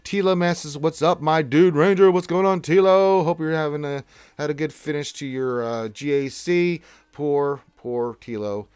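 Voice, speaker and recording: A man's voice: on the high side, normal speed, a little mellow, smooth, no echo, clean studio sound. A man hosting a casual gaming livestream, greeting viewers and reading chat aloud with lots of fillers. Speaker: livestream host.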